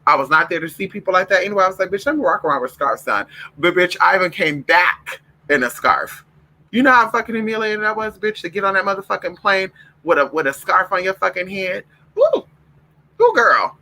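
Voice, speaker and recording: Speaking straight to camera, this male vlogger spins casual, profane stories with plenty of sass, calling his audience girl and y'all. His high voice swings widely in pitch, runs a little fast and sounds sharp, on a low-quality recording.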